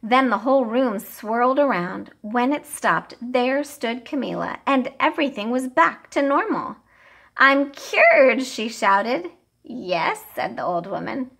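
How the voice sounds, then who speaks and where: Animated woman teacher reading a picture book. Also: a little high, normal speed, creaky, hardly any pauses, husky. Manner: expressive, animated storytelling. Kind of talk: children's picture book read-aloud.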